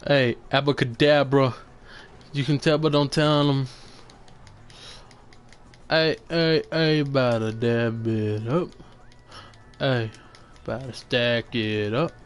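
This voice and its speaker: Excitable young man trash-talking over a game. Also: mid-range voice, slow pace, pauses often. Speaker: gamer streaming gameplay. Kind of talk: casual gameplay commentary.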